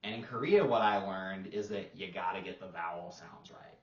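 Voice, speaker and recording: A man's voice: deep voice, moderate pace, far from the mic. A man, a language teacher co-hosting a podcast, explaining patiently in casual talk, demonstrating sounds and using plenty of fillers. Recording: roomy, dull lo-fi sound.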